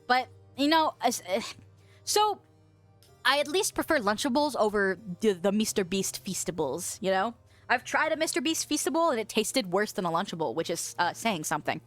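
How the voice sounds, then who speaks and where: A woman's voice: mid-range voice, big pitch swings, normal speed, soft background music. A young woman streamer from the western United States, chatting casually, reading viewer comments aloud, swearing freely and laughing often.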